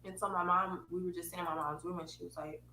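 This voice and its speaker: A woman's voice: lowish voice, little pitch movement, fast, pushed and bright, echoey room, a little hiss or hum, rough recording. A young woman telling a personal story in a frank, casual way, swearing freely and laughing as she goes.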